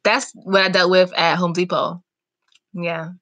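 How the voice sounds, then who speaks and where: A young woman chatting casually on a live stream, reading and answering viewer comments in an animated, talkative way. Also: lowish voice, unhurried. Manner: chatty, animated, talks back to chat comments. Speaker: vlogger hosting a live chat.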